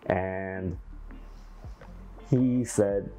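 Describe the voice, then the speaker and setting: Male vlogger, mellow tone, animated storyteller, light music bed. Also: medium pitch, normal speed, highs cut off. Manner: animated, acts out quotes, laughs often. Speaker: aquarium hobby YouTuber. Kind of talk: casual storytelling to camera.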